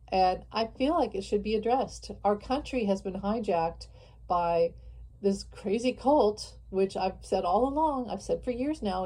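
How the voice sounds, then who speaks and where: A woman hosting her own channel delivers an impassioned political monologue, speaking straight to her viewers and repeating her points for emphasis. Her medium-pitched voice is warm and slightly rough, and the recording quality is poor.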